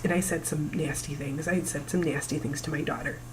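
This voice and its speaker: A woman in her forties talking to camera about her family's past, emotional and halting, pausing often. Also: low-pitched, fairly even intonation, slight background noise, rough recording. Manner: emotional, halting, breaks down at times. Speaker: vlogger. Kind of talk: personal talk to camera.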